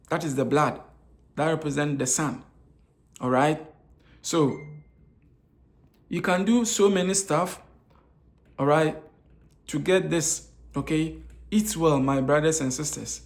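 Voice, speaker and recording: A man from Africa with a fairly high voice speaks slowly and pauses often during an informal health lecture about nutrition. He keeps repeating key phrases, fills gaps with hesitations, and answers the rhetorical questions he raises.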